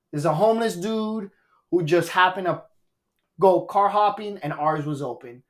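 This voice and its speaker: A male stand-up comedian with a high-sitting voice tells a story on a podcast at a moderate pace. He's animated and profane in a casual way, acting out the quotes.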